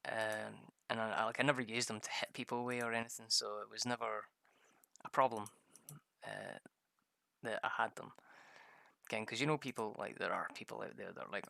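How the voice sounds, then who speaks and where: A man's voice: on the low side, fairly even intonation, brisk, vocal fry, pauses often, bright, forceful tone, dry recording. A man chatting casually over gameplay, telling rambling stories full of swearing. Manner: rambling, profane storytelling. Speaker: gamer.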